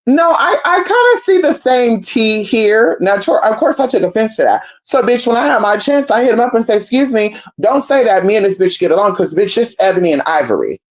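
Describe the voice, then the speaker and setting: A woman's voice: mid-range voice, expressive, fast, hardly any pauses, darkish tone. Brash, gossipy woman telling a story. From Northern California. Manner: brash, profane and gossipy, talks straight to viewers. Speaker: storyteller vlogger. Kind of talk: casual storytime chat.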